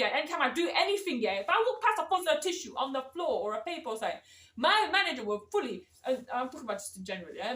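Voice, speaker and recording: Fast-talking young woman, echoey room. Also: fairly high pitch, far from the mic. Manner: animated storytelling, slangy, quotes people. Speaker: vlogger. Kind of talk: casual chat. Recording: roomy echo, a bit off-mic.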